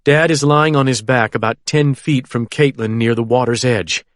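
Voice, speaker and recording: Male audiobook narrator, steady and measured, medium pitch, dry booth. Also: no echo. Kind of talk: first-person thriller audiobook narration.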